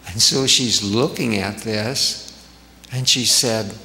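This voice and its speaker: A man speaking slowly and gently, telling a story to a gathered audience. His voice is low and bright, and a long hall reverb surrounds it with a faint hiss. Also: gravelly. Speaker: spiritual speaker.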